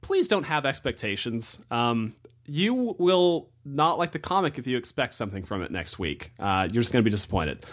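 A young man co-hosting a casual podcast, animated and joking, laughing often. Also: medium pitch, moderate pace. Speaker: podcast co-host and comic artist.

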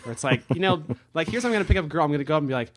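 A young man co-hosting a casual podcast, animated and joking, laughing often. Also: a little high, rapid-fire. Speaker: podcast co-host and comic artist.

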